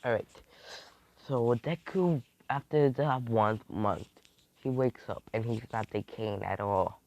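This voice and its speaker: Slow, gravelly man telling a fan story. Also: mid-range voice, darkish tone. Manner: rambling, loose, with fillers and restarts. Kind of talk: improvised fan story narration.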